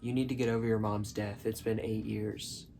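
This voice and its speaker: A stern father speaks bluntly, only a touch lower than an everyday voice, as a man puts him on. It is a quick, low-key impression inside a casual bedroom vlog. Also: level tone, gravelly, warm tone, a little hiss or hum.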